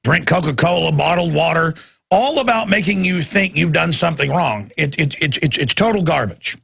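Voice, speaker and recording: Brief: male talk radio host, gravelly and forceful, rants with heat and repeats himself. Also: a little high, animated, moderate pace. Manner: impassioned, ranting, repeats words.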